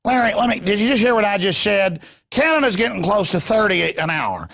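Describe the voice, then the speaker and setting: A man's voice: high-pitched, big pitch swings, fairly quick, gravelly, a bit bright, pitched above the performer's own voice, heavily acted. A man doing an impression of an exasperated older businessman-politician who lectures insistently. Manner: insistent, lecturing, repeating a name.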